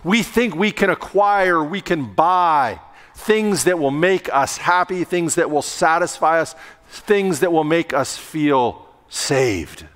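High-voiced male pastor, lively storytelling sermon, long sanctuary reverb. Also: slow pace. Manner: lively storytelling with acted-out yelling. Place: church sanctuary.

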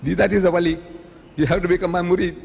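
A man's voice: sits high, fairly even intonation, racing, creaky, dull audio, a little hiss or hum. A man preaching an impassioned religious lecture, often mimicking other people in a raised voice. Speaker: Islamic preacher. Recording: reverberant hall, faint ambience.

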